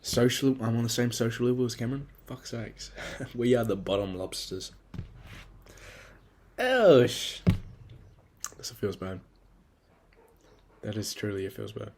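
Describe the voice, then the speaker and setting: A man's voice: lowish voice, level tone, normal speed, vocal fry, darkish tone. A young man, rambling through a casual, profane and self-critical solo podcast monologue. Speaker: podcast host.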